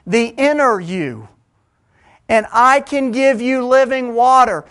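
A man voicing Jesus in a sermon, speaking in a gentle, earnest way. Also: extremely high pitch, expressive, slow pace, clean tone, voice pushed up, heavily acted. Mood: tender. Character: Jesus, a calm, compassionate grown man.

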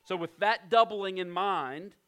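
A man preaching a sermon as pastor, emphatic, slowing down and dropping to a hush on key points. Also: sits high. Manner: emphatic, slows down and drops to a hush for weight. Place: church in West Virginia.

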